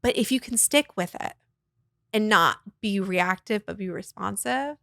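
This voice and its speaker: A woman guest, a voice teacher and arts nonprofit founder, talking in a casual interview in an animated, expressive way with frequent laughter. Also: medium pitch, measured pace, gravelly, no room sound, clean studio sound.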